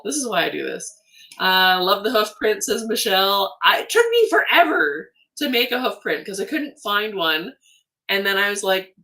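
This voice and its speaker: A Canadian woman hosting a casual livestream from her home studio, reading viewer comments in a chatty, animated way with frequent laughs and ums. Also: mid-range voice, recorded from a distance. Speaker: livestream host, artist.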